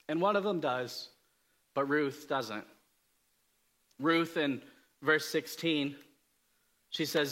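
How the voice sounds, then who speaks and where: Bright-voiced man preaching casually. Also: fairly high pitch, slow, long pauses. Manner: conversational, self-deprecating humor, frequent fillers and restarts. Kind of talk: casual storytelling sermon.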